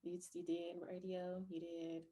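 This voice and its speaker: A woman hosting a podcast interview, reacting with warm affirmations and asking follow-up questions. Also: on the low side, completely flat delivery, measured pace. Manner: supportive, affirming listener. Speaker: podcast host. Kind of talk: casual interview chat.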